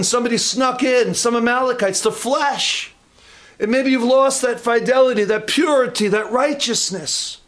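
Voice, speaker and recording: A man preaching a sermon in church, emphatic and questioning his congregation. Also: very high-pitched.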